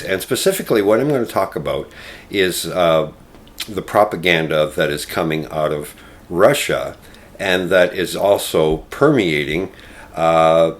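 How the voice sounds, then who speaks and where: An older man hosting a solo political commentary, speaking in a slow, deliberate way with frequent ums and uhs. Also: low voice.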